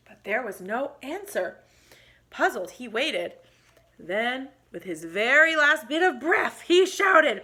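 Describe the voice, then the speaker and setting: A woman teacher reading a storybook aloud to young children, adding asides. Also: high voice. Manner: animated, expressive, pauses to comment.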